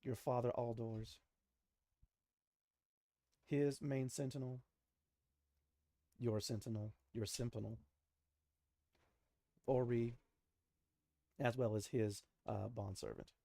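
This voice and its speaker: A man's voice: medium pitch, steady tone, slow, gravelly, pauses often, mellow, no room sound. A man narrating as game master of a tabletop game, casual, laughing, with many fillers.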